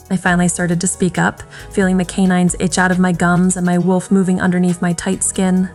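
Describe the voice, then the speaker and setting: A woman's voice: fairly low pitch, monotone, fairly quick, hardly any pauses, a little mellow. A woman giving a first-person, emotional reading of a dramatic romance audiobook, with faint music behind. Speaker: audiobook narrator.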